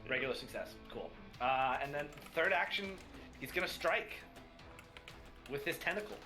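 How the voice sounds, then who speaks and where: A man playing in a live-streamed tabletop game, describing his character's moves with many pauses and fillers. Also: on the high side, expressive, over music.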